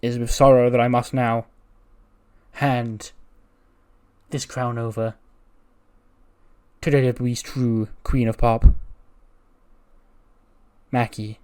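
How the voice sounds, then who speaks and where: A man voicing a sad, theatrical male wrestler-singer who speaks in a grandiose, mock-Shakespearean way, slightly lower and softer than his own voice. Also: flat delivery, slow pace, long pauses, clean tone, lightly acted. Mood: mournful.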